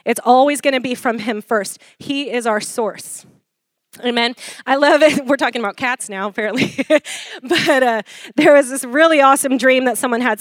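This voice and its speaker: Animated woman preaching with call-and-response. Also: on the high side, no room sound. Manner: animated, laughing often, call-and-response with congregation. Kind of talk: sermon.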